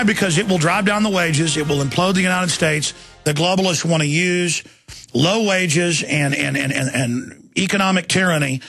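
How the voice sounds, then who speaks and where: A man hosting a talk radio show, ranting fast and fervently about the news. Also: on the high side, a bit bright. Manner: fervent, mocks opponents in put-on voices.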